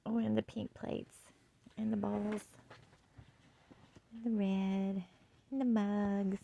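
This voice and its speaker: Gushing woman with a gravelly edge. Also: medium pitch, level tone, slow pace, dull audio, a little hiss or hum. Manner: gushing and soft-spoken, often dropping to a hush. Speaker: home decor vlogger. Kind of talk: casual shopping haul chat.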